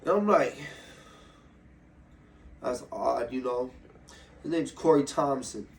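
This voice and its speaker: A man's voice: medium pitch, normal speed, echoey room. Profane young man telling a life story. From Ohio. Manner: loose, profane, animated storytelling. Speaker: interview guest, MMA fighter. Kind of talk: casual storytelling interview. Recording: slightly distant mic with faint room noise.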